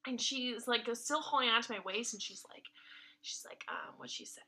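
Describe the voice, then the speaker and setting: A woman's voice: a little high, moderate pace, bright, forceful tone. A young woman co-hosting a podcast, telling a rambling casual story full of "like" fillers. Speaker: podcast co-host.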